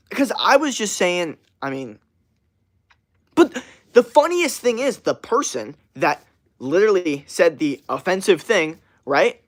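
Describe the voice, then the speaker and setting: Speaking right to his audience, a young male livestreamer rants loosely and swears freely, venting before sliding back into relaxed, casual chat. His voice is slightly high for a man.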